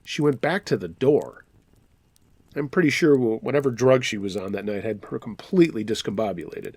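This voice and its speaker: A man's voice: medium pitch, lively intonation, moderate pace, darkish tone, slightly rough, no echo. Man narrating true scary stories, dry sound. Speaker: narrator reading listener stories. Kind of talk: scripted storytelling narration.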